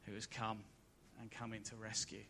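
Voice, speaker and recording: A man preaching a sermon at a church service, building to loud emphatic peaks and then dropping soft and low. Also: monotone, moderate pace, gravelly, a little hiss or hum.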